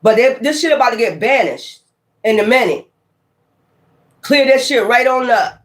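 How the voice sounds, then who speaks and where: A tarot reader talking casually while pulling cards, animated and profane, often calling the listener child. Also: medium pitch, moderate pace.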